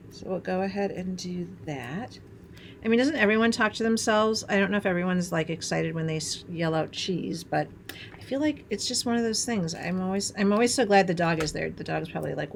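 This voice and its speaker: This chatty craft demonstration comes from a middle-aged woman from Wisconsin, USA, who keeps up a bubbly commentary as she works and laughs at her own expense. She has a mid-range voice with vocal fry, and there's slight background noise.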